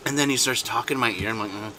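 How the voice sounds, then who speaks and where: A man co-hosting a casual podcast chat, telling a long story with many restarts and bursts of laughter. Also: mid-range voice. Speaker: podcast co-host.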